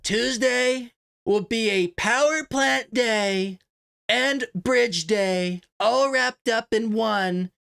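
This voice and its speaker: A man putting on an impression of a brash, blustering older male politician, drawing out his words slowly and emphatically. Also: extremely high pitch, vocal fry, sharp tone, clean tone, pitched above the performer's own voice, exaggerated voice. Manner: slow, drawn-out, emphatic delivery.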